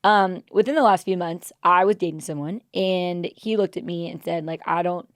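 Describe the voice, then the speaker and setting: A woman's voice: on the low side, moderate pace, dry recording, studio quality. A woman in her thirties, co-hosting a podcast and talking in an earnest, emotional, confiding way. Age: 30s. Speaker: podcast co-host. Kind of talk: casual chat.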